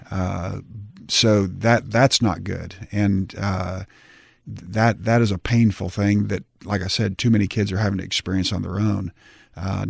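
A man in his sixties answers interview questions in a measured, halting way, pausing often. His low voice is husky and gravelly, with a creaky texture. The recording is dry and close. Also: darkish tone, no echo. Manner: measured, halting, many fillers. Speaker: guest, retired athlete turned politician.

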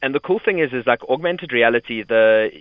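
A man, a tech blogger, explaining at length in a relaxed way on a radio show. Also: medium pitch, fairly quick, smooth, no room sound, phone-quality sound.

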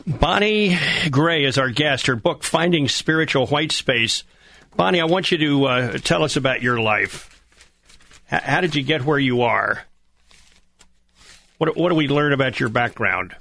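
A male radio host introducing a guest and asking slow, measured questions. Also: mid-range voice, lively intonation, vocal fry, sharp tone. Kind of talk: radio interview.

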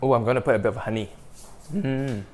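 Excitable man hosting a cooking show. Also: medium pitch, fairly quick, heavy background noise. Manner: excitable, bursts into delighted exclamations. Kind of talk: casual cooking podcast with live tasting.

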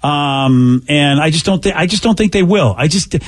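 A man's voice: fairly high pitch, animated, moderate pace. A male radio host talking casually and rambling a bit as he chats with his co-hosts. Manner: rambling, self-correcting.

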